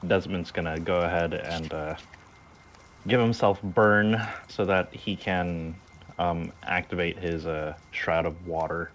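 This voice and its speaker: A man's voice: low-pitched, steady tone, slow pace, fairly bright tone, a little hiss or hum. A man playing in a tabletop game, describing his character's actions in a hesitant way with many ums and uhs. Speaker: player.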